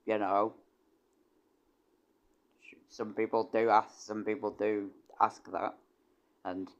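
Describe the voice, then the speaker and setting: A man's voice: fairly low pitch, little pitch movement, takes it slowly, highs cut off. A young man, chatting casually on a livestream, rambling with stammered restarts and casual swearing. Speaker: streamer and composer.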